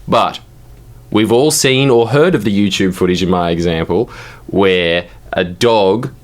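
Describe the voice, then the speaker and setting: A man's voice: low-pitched, a little slow. A young man co-hosting a podcast, arguing his point in a casual, wry, playful way. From Australia. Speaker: podcast co-host. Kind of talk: casual chat.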